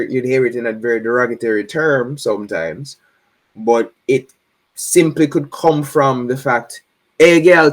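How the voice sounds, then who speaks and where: A Jamaican man, a guest in a casual interview, explaining things in a relaxed way with frequent laughs and "right?" tag questions. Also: medium pitch.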